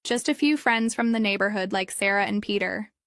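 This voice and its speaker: A woman's voice: mid-range voice, brisk, fairly bright tone, dry recording, studio quality, natural voice. A woman voicing a casual, friendly young man inviting a friend for a walk.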